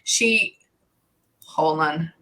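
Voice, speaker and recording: A woman psychic medium gives a casual spirit reading in a low-pitched voice, drawing out her words with a sharp tone. She rambles, saying "like" constantly.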